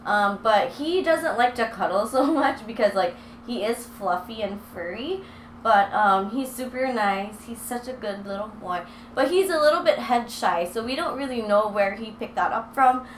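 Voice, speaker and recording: A woman's voice: a little high, expressive, moderate pace. A young woman talking casually to camera in her apartment, chatty and bubbly, sometimes short of breath from holding a heavy dog. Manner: chatty and bubbly, baby talk to her dogs. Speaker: vlogger. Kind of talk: casual vlog talk to camera. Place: apartment room, indoors. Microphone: handheld mic, then set down away from her. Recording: echoey room with faint noise.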